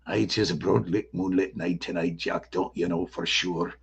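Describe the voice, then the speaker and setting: A man doing a low Australian-accented voice. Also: steady tone, moderate pace, vocal fry, husky, heavily acted.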